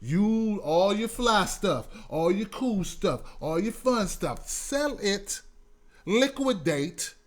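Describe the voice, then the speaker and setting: A man's voice: sits high, lively intonation, slow pace. A male talk show host giving emphatic, preachy commentary and speaking straight to his audience. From United States. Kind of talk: opinionated commentary.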